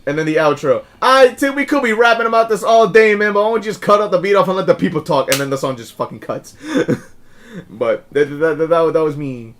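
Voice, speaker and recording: A young man co-hosting a casual podcast, telling stories in a profane, animated way with frequent laughs. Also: fairly high pitch, fairly quick. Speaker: podcast co-host. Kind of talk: casual chat. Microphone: shared podcast mic.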